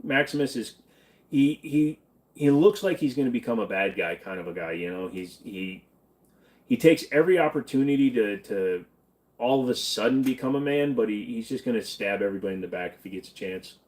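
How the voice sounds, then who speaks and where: A man's voice: mid-range voice, animated, fairly quick, a little mellow. A man hosting a casual live-stream Q&A, reading chat questions and answering bluntly in an offhand drawl, tired and in pain. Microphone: desk mic, sitting farther back than usual.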